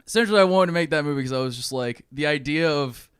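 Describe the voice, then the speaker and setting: A man co-hosting a podcast in casual chat, telling an animated, swear-heavy story and acting out the characters' lines. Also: a little high, quick pace, smooth, no echo, clean studio sound. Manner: excited storytelling, swears often, acts out lines. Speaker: podcast co-host.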